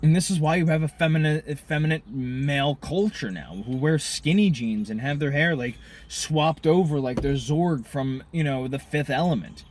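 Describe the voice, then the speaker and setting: A man ranting in a profane monologue to camera, smoking a cigar as he talks, swinging between loud outbursts and muttered asides. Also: a little high, moderate pace, hardly any pauses, a little hiss or hum. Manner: smoking a cigar while talking. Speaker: vlogger.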